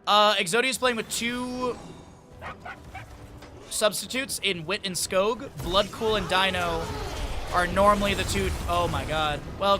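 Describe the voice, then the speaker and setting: A man casting a live esports match, calling the plays and chatting with viewers in chat. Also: high-pitched. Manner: rapid play-by-play calls with chatty asides to chat. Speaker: esports caster. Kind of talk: live esports play-by-play commentary.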